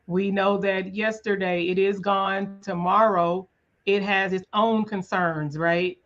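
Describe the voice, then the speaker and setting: A woman's voice: mid-range voice, steady tone, slow pace, fairly bright tone, lo-fi sound. A woman hosting a conversational interview, speaking in an earnest, thoughtful way with touches of faith. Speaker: podcast host.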